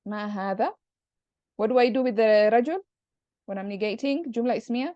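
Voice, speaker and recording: Woman teacher, higher voice, patient step-by-step explainer; lo-fi dry capture. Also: normal speed, mellow, no echo. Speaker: Arabic grammar teacher. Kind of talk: online class explanation. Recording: dull, dry lo-fi recording.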